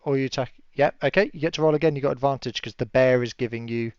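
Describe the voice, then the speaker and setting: A man running a tabletop game as game master, relaxed and chatty, laughing often and yelling enemies' cries in high voices. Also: fast, no echo. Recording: dull lo-fi stream audio, dry.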